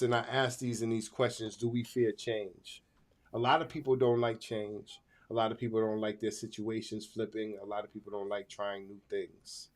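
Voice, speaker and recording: A man co-hosting a casual podcast chat, emphatic, repeating phrases as he works out his point. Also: fairly low pitch. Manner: emphatic, repeats himself while working out a point. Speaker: podcast co-host.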